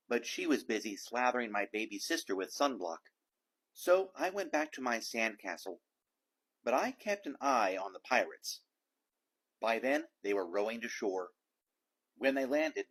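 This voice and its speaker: A husky-voiced man reads a children's picture book aloud, telling the story expressively. His pitch moves a lot, rising and falling through the sentences. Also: a bit bright, poor audio. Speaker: read-aloud host.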